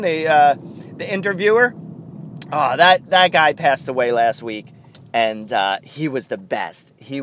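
A man's voice: medium pitch, fairly bright tone, a little hiss or hum. A man hosting a podcast, chatting casually with lots of chuckles and rambling asides. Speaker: podcast host.

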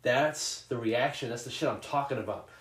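Swearing podcast dude acting out scenes, echoey room. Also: male voice, medium pitch, moderate pace, distant mic. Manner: profane, animated storyteller who acts out scenes. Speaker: podcast co-host. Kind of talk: casual chat. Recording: roomy echo.

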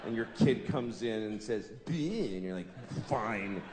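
A man in his forties performing a stand-up comedy routine on stage, deadpan and exasperated, breaking into shouted voices now and then. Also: on the low side, fairly quick. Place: large theater stage with a live audience. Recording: echoey live hall with audience noise.

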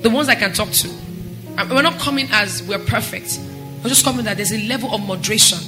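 A woman pastor preaching a sermon, impassioned and climbing to near-shouts. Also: on the high side, fast talker, music in the background.

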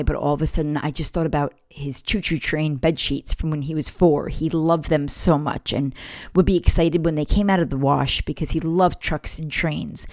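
Low-voiced woman hosting a parenting podcast. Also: darkish tone, dry recording, studio quality. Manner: candid, storytelling with laughs. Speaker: podcast host. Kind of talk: casual heartfelt monologue.

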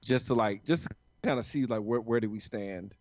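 An American man co-hosts a podcast, chatting casually, rambling and swearing a lot. His voice is lowish and darkish in tone at a moderate pace. The lo-fi sound is dull and dry, with no room sound.

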